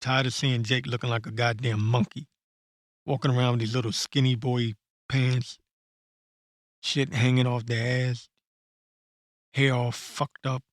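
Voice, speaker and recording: A man ranting bluntly and profanely in an unscripted commentary, stopping to read verses slowly and correct himself. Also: medium pitch, flat delivery, no room sound, clean studio sound. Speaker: online commentator. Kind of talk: blunt unscripted rant with scripture reading.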